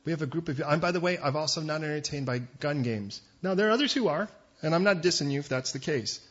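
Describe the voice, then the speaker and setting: Husky pastor man, joking sermon asides. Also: fairly high pitch, animated, highs cut off. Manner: conversational, joking asides, quick digressions.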